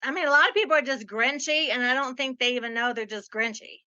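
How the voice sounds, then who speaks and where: A woman hosts an interview with a high, bright voice. She tells stories in a bubbly, expressive way. The sound is dull and lo-fi. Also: fast. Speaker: host. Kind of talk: conversational interview.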